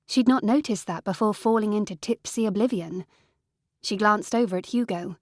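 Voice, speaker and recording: A woman reading an audiobook in an even, measured scripted narration. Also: medium pitch, dry recording, clean studio sound.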